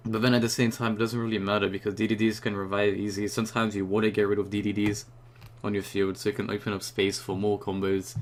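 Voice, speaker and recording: A young man ranting casually and excitedly about a new card, rambling and swearing often, just after waking up. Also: fairly low pitch, fast talker, few pauses, slight background noise. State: just woke up. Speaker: YouTuber reviewing a card.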